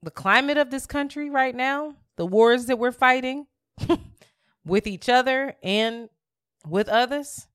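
A woman's voice: high-pitched, takes it slowly, a bit bright, smooth, dry recording, clean studio sound. A woman co-hosting a podcast in casual chat, laughing often as she reads out episode summaries. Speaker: podcast co-host.

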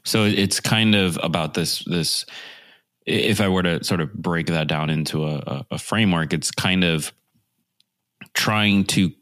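A man hosting a podcast, summing up ideas thoughtfully and slowly with many restarts. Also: low voice, a bit bright, no echo, studio quality. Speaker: podcast host. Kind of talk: podcast interview.

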